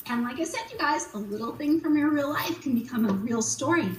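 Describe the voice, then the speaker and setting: A children's author in her forties talks to kids with a bubbly, upbeat energy. Her voice is very high and swings up and down a lot. The sound is roomy and picked up from some distance away. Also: lively intonation, fairly quick. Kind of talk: virtual school visit Q&A.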